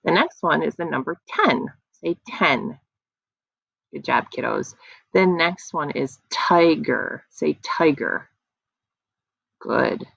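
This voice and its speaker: A young woman teaching young children a phonics lesson online, in a slow and encouraging sing-song voice, recorded on a computer mic at home. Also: sits low, animated, gravelly, fairly bright tone, breathy edge, no echo. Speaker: kindergarten teacher. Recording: dry, dull lo-fi computer audio.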